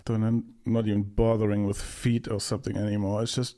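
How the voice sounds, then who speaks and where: A man's voice: on the low side, level tone, fairly quick, warm tone. Sarcastic man mocking a movie. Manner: sarcastic, mocking, bursts of laughter. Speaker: movie reactor. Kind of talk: casual movie commentary.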